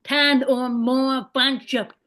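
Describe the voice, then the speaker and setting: A woman's voice: high voice, steady tone, slow, a bit bright. A woman hosting a podcast, asking her guest questions in an enthusiastic, chatty way. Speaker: podcast host. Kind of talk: casual interview chat.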